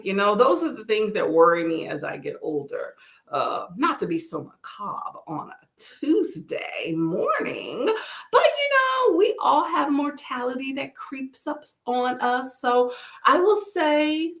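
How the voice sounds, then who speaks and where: In an echoey room, a Texan woman with a mid-range, creaky, fairly bright voice hosts a laid-back livestream. She chats in a folksy way, says "y'all," and reads her viewers' chat messages out loud.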